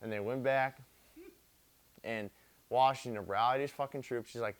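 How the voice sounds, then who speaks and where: A man's voice: mid-range voice, fairly even intonation, moderate pace, clean tone. A young man retelling history drunk, rambling and repeating himself, swearing constantly and using street slang. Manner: profane, repetitive, street slang. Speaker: drunk storyteller.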